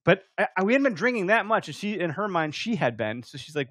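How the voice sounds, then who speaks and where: A man's voice: a little high, very fast, gravelly, dry recording, clean studio sound. A man telling rowdy stories on a casual podcast, swearing freely and laughing as he talks. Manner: animated storyteller, profane, laughs often. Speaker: podcast co-host or guest. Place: podcast studio.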